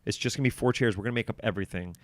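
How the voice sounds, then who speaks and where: A man in his forties, a comedian guest on a podcast, telling animated stories and acting out what people said. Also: lowish voice, rapid-fire, dry recording. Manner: animated storytelling, acts out quotes. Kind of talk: casual podcast conversation.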